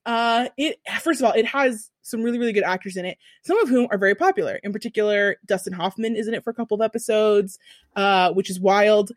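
A young woman chatting casually as a podcast host, telling an animated, profane story full of asides. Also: medium pitch, fast, dry recording, clean studio sound. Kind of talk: casual chat.

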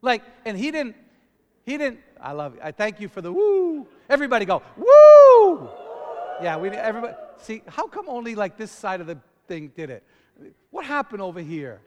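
A man preaching with lively, call-and-response energy, his voice sitting high for a man. His words ring out into a big hall with a long reverb tail. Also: a little fast. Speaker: pastor. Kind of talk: sermon.

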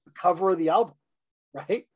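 An eager man chatting on a podcast, his voice sitting a touch high. He trips over his words and restarts often, and the sound is dry with no room around it. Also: a little fast, no echo. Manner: enthusiastic, lots of fillers and restarts. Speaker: podcast co-host reviewing an album. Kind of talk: casual chat.

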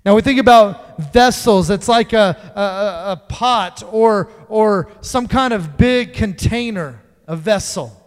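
High-voiced preacher in a reverberant hall. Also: male voice, slow, few pauses, smooth. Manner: conversational preaching with playful asides. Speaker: pastor. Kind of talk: sermon.

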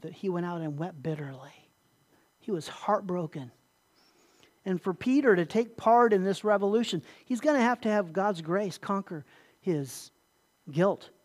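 A pastor preaching a sermon, emphatic, often repeating words and putting questions to the listeners. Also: medium pitch.

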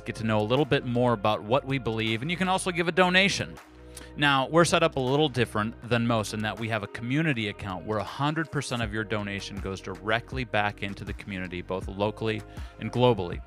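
A man who is a pastor, preaching a sermon in an earnest, animated storytelling way. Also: medium pitch.

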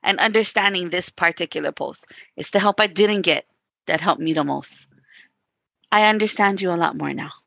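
Animated woman, bright dry voice. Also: lowish voice, vocal fry, no room sound. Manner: animated storyteller, acts out quotes, frequent "you know" and "like". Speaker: podcast co-host. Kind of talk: casual conversation.

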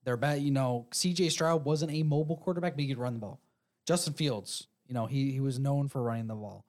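A man's voice: mid-range voice, fairly quick. Tired-sounding man talking sports. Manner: relaxed, tired, opinionated. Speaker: podcast co-host. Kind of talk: casual sports chat.

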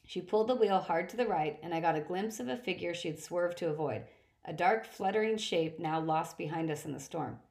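A woman reading a first-person story aloud, steady, with occasional slips and restarts. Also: fairly low pitch, brisk. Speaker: audiobook reader.

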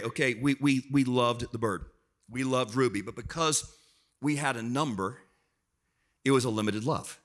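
A middle-aged man preaching a sermon, telling personal stories in a lively way and acting out his family. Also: medium pitch. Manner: animated storyteller, acts out family members in raised voice. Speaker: pastor.

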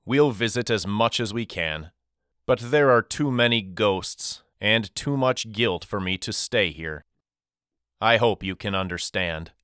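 A man reading as a gentle, reassuring father. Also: fairly low pitch, animated, a little slow, smooth, dry recording, clean studio sound. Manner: soft-spoken and reassuring. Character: gentle, loving father of two boys. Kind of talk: audiobook character reading.

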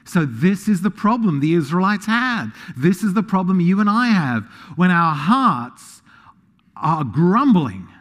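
A man preaching a sermon, animated, swinging between quiet asides and loud emphasis. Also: fairly high pitch, big-room sound. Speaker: pastor.

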